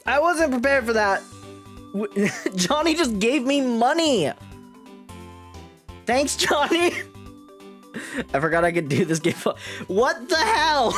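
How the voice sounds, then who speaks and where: A woman's voice: on the high side, big pitch swings, slow, pauses often, faint music behind. A woman streaming a video game live, chatting casually with her viewers, laughing often and swearing freely. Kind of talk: casual live-stream commentary while playing.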